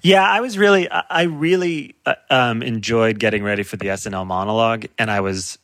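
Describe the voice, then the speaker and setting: A man appearing as a comedian guest in casual chat, animated, laughing often and breaking off his own sentences. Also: medium pitch, brisk, no echo.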